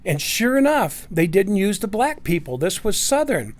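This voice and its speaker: A middle-aged man, his voice sitting slightly high, telling a personal story in a loose, casual way. He rambles, circles back and restarts his sentences, filling the gaps with "you know" and "uh". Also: big pitch swings, normal speed. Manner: rambling, many fillers and restarts.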